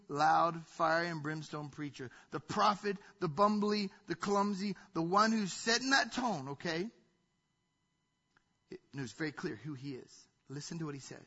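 A man delivers a sermon with a high, bright voice and a husky edge. He preaches emphatically and conversationally, often dropping to a hush. The recording is dull and lo-fi.

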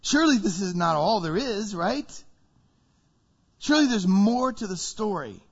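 This preacher's voice is high-pitched, husky, and a little slow, with the highs cut off in the recording. Telling the story in his sermon, he acts out biblical figures vividly, lending them lively quoted voices.

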